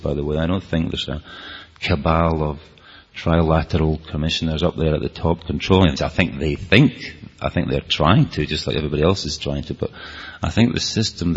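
A man with a Scottish accent and a husky bass voice gives an earnest, rambling talk to an audience, often restarting his sentences. The hall recording is dull and lo-fi.

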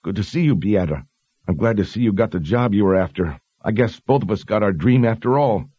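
A man's voice: fairly low pitch, lively intonation, brisk, mellow, breathy edge, no echo, lo-fi sound, pitched above the performer's own voice. A man playing a cocky, swaggering young man. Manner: boastful but wheedling.

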